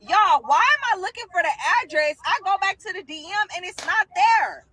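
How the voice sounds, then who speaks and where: Animated young woman telling a story. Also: extremely high pitch, normal speed, dry recording. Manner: animated, addresses listeners as y'all. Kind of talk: casual profane storytelling. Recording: noisy recording.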